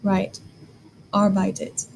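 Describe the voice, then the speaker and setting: A woman's voice: medium pitch, monotone, slow pace, vocal fry, a little mellow, slight background noise, rough recording. A woman teaching a German grammar lesson, explaining step by step and asking the learner questions.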